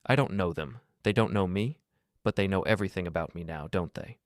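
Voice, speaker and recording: A man's voice: low voice, brisk, no room sound, studio quality, lightly acted. A man voicing a heartbroken, tearfully angry mother. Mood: raw anger. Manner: raw, tearful anger.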